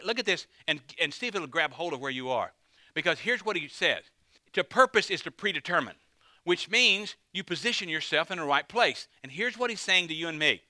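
A man's voice: fairly high pitch, sharp tone, no room sound. A man, a pastor, preaching a conversational sermon with dramatic emphasis.

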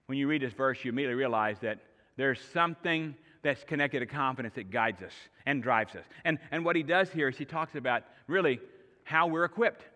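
A middle-aged man preaching a sermon as pastor, telling stories in an animated way with shifting pace and loudness. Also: mid-range voice, a little fast. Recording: long reverb of a large hall.

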